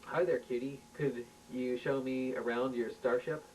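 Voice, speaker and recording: A man voicing a flirtatious man in disguise who speaks coyly, recorded from a distance with a faint rumble. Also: steady tone, unhurried, a little mellow, lightly acted. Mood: flirty. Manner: coy, flirtatious. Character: flirty man posing as a giggling lady.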